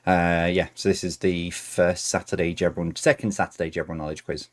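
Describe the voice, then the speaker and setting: A man's voice: low voice, level tone, a little fast. A man hosting a quiz night on a stream, reading questions aloud with chatty, self-mocking asides between them. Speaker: quiz host.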